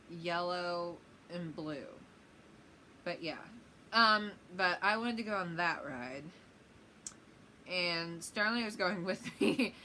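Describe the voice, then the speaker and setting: A woman's voice: on the low side, sharp tone, slight background noise, low-quality recording. A young woman, likely in her teens, casually telling a vlog story with lots of fillers and giggles. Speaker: vlogger.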